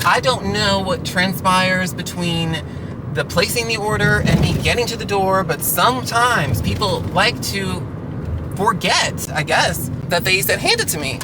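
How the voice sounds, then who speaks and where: A man's voice: high voice, noisy background. A delivery driver venting through a ranting storytime vlog from his car, sarcastic and exasperated.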